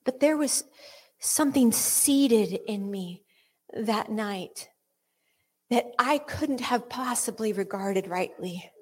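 A woman's voice: fairly high pitch, slow, a little mellow, breathy edge. A woman giving earnest Christian teaching with a personal story, often dropping to a whisper and restarting her sentences. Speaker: Christian speaker.

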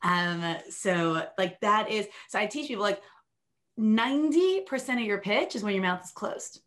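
A woman hosting a podcast interview, chatty and lively, breaking in with quick asides and questions. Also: mid-range voice. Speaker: podcast host.

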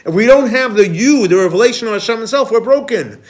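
A man teaching a Kabbalah class as a rabbi, animated, quizzing students and repeating key points. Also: high-pitched, fast. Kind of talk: classroom lecture.

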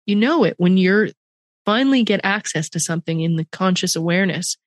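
A woman's voice: lowish voice, a little fast, no echo, studio quality. A middle-aged Canadian woman hosting an interview, talking in a reflective, emphatic way. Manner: reflective, emphatic, animated in places. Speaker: podcast host. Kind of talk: conversational interview.

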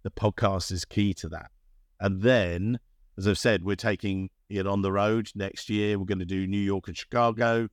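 A man with a low voice talks as a podcast guest. He rambles in a casual, chatty way and slips in dry jokes. The recording is close and dry. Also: fairly even intonation, moderate pace, dry recording. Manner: chatty, rambling, self-promoting with dry humor. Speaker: podcast guest, recruitment CEO. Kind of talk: casual interview talk.

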